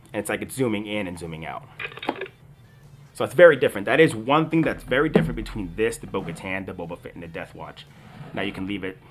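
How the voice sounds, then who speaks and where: A man's voice: low-pitched, background noise. A man chatting enthusiastically to his viewers while reviewing a toy helmet. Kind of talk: product review vlog.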